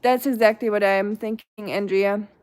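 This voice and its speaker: A young woman with a German accent chats casually on a live stream, answering viewers' comments one by one. She rambles in a relaxed, unscripted way, filling her pauses with "um" and "like" and often restarting her sentences. Her pitch sits in an ordinary middle range for a woman. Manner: chatty, rambling, many fillers and restarts. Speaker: live streamer reading chat.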